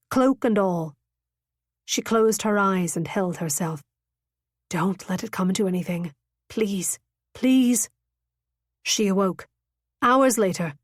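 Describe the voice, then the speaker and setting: Woman, audiobook narrator, expressive, dramatic reading, mid-pitched, dry close sound. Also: no echo. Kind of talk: scripted narration.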